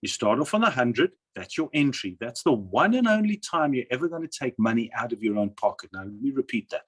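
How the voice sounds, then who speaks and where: Man, South African accent, slide presentation, husky, animated pitch, persuasive. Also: a little fast. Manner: persuasive, asks and answers his own questions. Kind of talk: sales presentation over slides.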